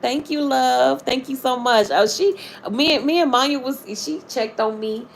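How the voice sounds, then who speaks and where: A woman's voice: sits high, moderate pace, creaky, slight background noise. A woman hosting a live stream, talking casually and animatedly to her viewers, greeting them by name and retelling a true-crime case with plenty of swearing.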